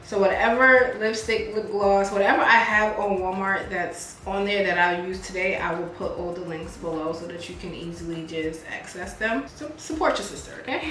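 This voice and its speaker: A woman's voice: mid-range voice, normal speed, few pauses, slight background noise. A woman, chatting casually with her viewers while doing her makeup. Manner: chatty, animated, talks to viewers like friends. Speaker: beauty vlogger and business owner. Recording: echoey room, faint music.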